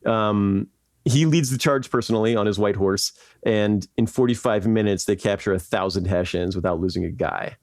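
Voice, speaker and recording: A man with a somewhat low voice tells history as podcast host, rambling casually with frequent fillers and quick laughs. His voice is recorded close and dry, with no room sound. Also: a little mellow, no room sound. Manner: rambling, laughs often, lots of "like" and "right?".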